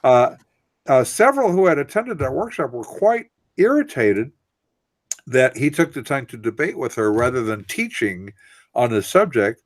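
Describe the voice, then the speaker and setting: A man's voice: medium pitch, big pitch swings, moderate pace, dry recording. A man co-hosting a casual radio discussion, explaining in long, winding, earnest sentences. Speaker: co-host.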